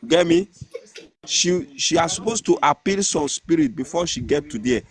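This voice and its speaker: Earnest Nigerian man, halting storytelling. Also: on the high side, expressive. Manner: hesitant, restarts a lot, earnest. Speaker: client telling a story. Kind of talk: casual storytelling in pidgin-tinged English.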